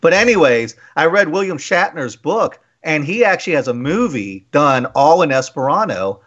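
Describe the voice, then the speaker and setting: A man with a Mid-Atlantic American accent hosting a casual podcast interview, telling stories in an animated, profane way. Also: a little high, normal speed. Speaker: podcast host. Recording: dull lo-fi sound.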